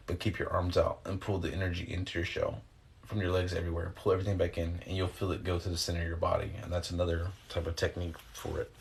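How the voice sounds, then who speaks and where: A man's voice: low-pitched, vocal fry. A man chatting casually on a livestream, rambling in loose slang with some swearing, answering viewer questions and guiding breathing exercises, speaking into a phone. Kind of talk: casual livestream chat and guided breathing instruction.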